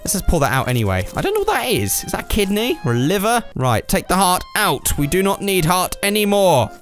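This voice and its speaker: A man giving let's play commentary while he plays a video game, exasperated, swearing, yelping and cheering loudly. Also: sits high, huge pitch swings, a little fast, faint music behind.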